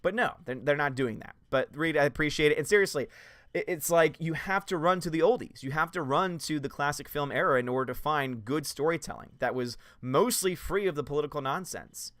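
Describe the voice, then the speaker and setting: A male movie-channel host reads out chat comments and rants in an emphatic, sarcastic manner. His voice is bright, smooth and a little high. He is recorded close on a dry home mic. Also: brisk, no room sound. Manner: emphatic, sarcastic, laughs often mid-sentence. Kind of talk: live-stream chat reading and rant.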